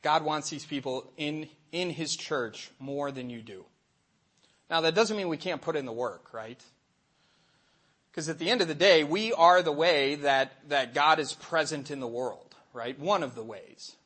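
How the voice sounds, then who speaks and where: A middle-aged man, a Catholic catechist, giving a lively faith talk to an audience and acting out little voices in his stories. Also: a little high, a little slow, breathy edge. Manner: animated storytelling, acts out voices and asides.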